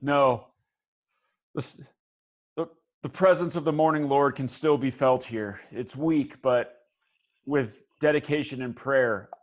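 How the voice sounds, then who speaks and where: A man's voice: mid-range voice, measured pace, pauses often, natural voice. A man putting on a hesitant, weary village priest. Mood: hopeful.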